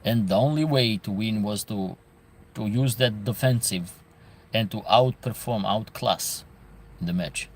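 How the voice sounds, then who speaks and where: A man's voice: on the low side, unhurried, slight background noise. Emphatic man with an Albanian accent. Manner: emphatic, repeats phrases for stress. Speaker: host answering viewer comments. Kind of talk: casual live commentary.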